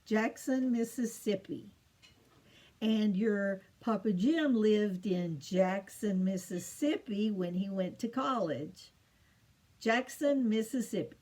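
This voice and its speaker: Slow, patient woman teaching. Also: medium pitch, animated, darkish tone. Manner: slow and patient, repeats each capital in a sing-song lilt. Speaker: teacher of state capitals to children. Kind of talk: slow home-made lesson for children.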